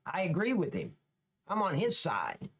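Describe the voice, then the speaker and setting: A man's voice: a little high, wildly swooping pitch, normal speed, a bit bright, husky. A man ranting profanely and scornfully as a live-stream commentator, reacting to police clips.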